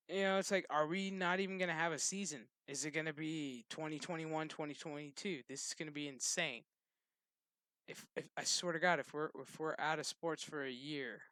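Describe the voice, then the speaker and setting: Guy on his channel just ranting, swears a lot, bright voice, dead dry sound. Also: fairly high pitch, clear, resonant tone, no echo. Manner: loose, swearing, laughing. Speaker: channel host. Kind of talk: casual rant to camera.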